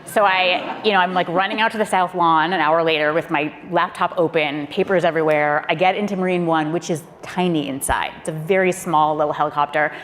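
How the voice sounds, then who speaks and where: A woman, a former speechwriter, telling a lively anecdote on a panel, acting out quotes and laughing often. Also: low-pitched, fairly quick, hardly any pauses. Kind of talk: lively anecdote told to a live audience. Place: auditorium panel event. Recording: long hall reverb, faint room noise.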